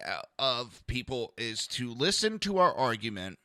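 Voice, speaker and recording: In a dry, studio-quality recording, a political podcast host speaks a little slowly in a bright, forceful mid-range voice with big swings in pitch. He's blunt, sarcastic and heavily profane, addressing listeners in a live chat.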